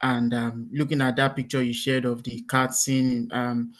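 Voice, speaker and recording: A man moderating an online workshop, summarizing the talk in a measured way with frequent pauses before calling on a participant. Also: mid-range voice, flat delivery.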